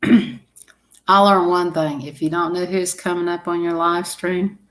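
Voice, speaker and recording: A woman's voice: fairly low pitch, flat delivery, unhurried. A woman chatting casually to her live-stream viewers, rambling and laughing often.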